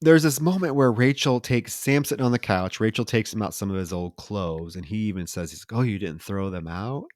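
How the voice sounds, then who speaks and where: A man's voice: lowish voice, a little fast, few pauses, a little mellow, dry recording. Man retelling a plot, dry close sound. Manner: profane, mocking plot retelling. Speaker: podcast co-host. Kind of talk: casual plot recap.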